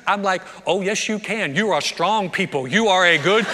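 A middle-aged man preaches in an animated, joking way, acting out the people in his stories. His voice sits high and bright. Long reverb hangs behind him, as in a large hall. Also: quick pace, hardly any pauses, some chatter behind. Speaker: pastor. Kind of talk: sermon.

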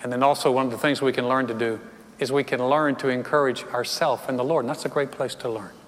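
Earnest preacher in a reverberant hall. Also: male voice, medium pitch, steady tone, quick pace, slight background noise. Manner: storytelling preacher, earnest and building. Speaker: pastor. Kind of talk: sermon. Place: church sanctuary. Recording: long hall reverb with soft music.

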